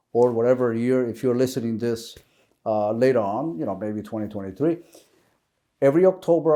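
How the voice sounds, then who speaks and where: A man's voice: mid-range voice, dark tone. A man presenting a Catholic video lesson, speaking earnestly and conversationally to the viewer in an unscripted talk. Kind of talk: unscripted teaching talk to camera.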